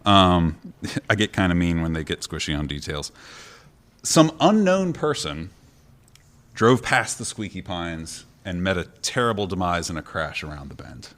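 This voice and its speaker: A man with a fairly low but bright, forceful voice tells a folk tale before a live convention audience. His pitch swings widely as he jokes, laughs and acts out the characters. The delivery is animated and playful. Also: a little slow. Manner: lively, jokey, laughs often, acts out voices. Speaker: podcast co-host telling a folk legend. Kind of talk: animated live podcast storytelling.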